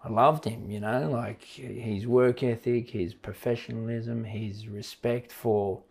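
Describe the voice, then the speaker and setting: A man's voice: mid-range voice, steady tone, slow pace, creaky, a little mellow, husky. A man, a coach hosting a podcast interview, talking loosely and repeating himself as he goes. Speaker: podcast host, sports coach. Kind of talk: casual interview chat.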